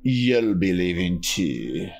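A man's voice: low voice, very animated, takes it slowly, vocal fry, a little mellow, voice pushed down, heavily acted. A man voicing a snide, arrogant male surveyor villain in a game, with a condescending manner.

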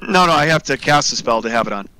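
A man's voice: fairly high pitch, animated, fast, pushed and bright. A man playing a tabletop game, arguing his case and reading a rule out to the others. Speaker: player. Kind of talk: casual chat at a game table.

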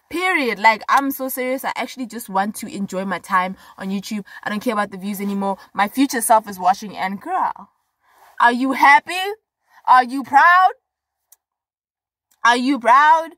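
A woman's voice: mid-range voice, fairly bright tone, no room sound. Young South African woman, casual vlog to camera, frank and emphatic, lots of "like". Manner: frank, chatty, emphatic with many fillers. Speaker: vlogger.

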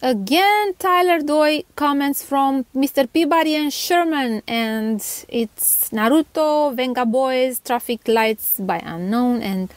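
A high-pitched woman with a Romanian accent reads viewer comments in an unhurried, casual way. She giggles often and trips over names. The room sounds dry and close. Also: no room sound. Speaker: toy channel host.

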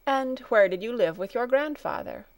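A woman reading a storybook, voicing a kind, calm male doctor who speaks in a gentle, soothing way. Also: a little high, normal speed, no echo, pitched above the performer's own voice, lightly acted.

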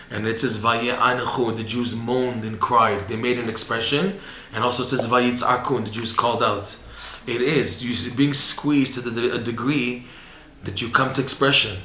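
Bright-voiced man teaching in an echoey room. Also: mid-range voice. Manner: earnest, rises to impassioned cries when quoting pleas to God. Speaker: Torah teacher. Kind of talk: religious lesson. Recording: echoey room with faint background hiss.

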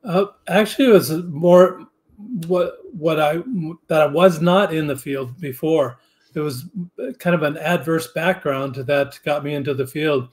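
Earnest, halting male guest, higher voice. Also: a little mellow. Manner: earnest, halting with restarts and fillers. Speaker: podcast guest. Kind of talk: casual interview chat.

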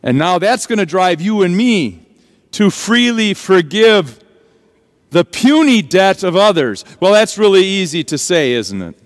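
A man preaching a sermon as pastor, earnest and dramatic, leaning slowly on key words, recorded in a church sanctuary. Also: high-pitched, very animated. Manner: earnest, dramatic preaching with slow emphatic stresses. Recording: long church reverb.

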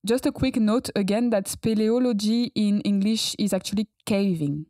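A woman's voice: medium pitch, normal speed, warm tone. A woman hosting a podcast interview, encouraging her guest with brief, affirming replies. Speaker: podcast host. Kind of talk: casual interview chat.

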